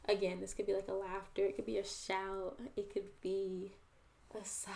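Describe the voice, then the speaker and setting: Earnest woman with a gravelly, mellow voice. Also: medium pitch, monotone, normal speed. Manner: earnest and reflective, chatty, addresses viewers as y'all. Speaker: host and poet. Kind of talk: casual vlog monologue to viewers.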